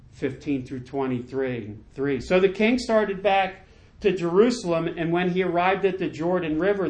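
A man's voice: a little high, a little mellow. A male pastor preaching a sermon, enthusiastic and emphatic, with lots of repetition.

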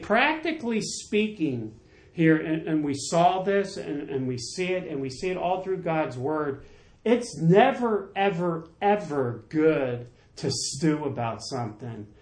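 A man's voice: a little high, darkish tone. A man preaching a sermon with passion, building to emphatic peaks and often restarting his phrases. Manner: impassioned, rising to emphatic peaks, with frequent restarts. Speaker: pastor. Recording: echoey room.

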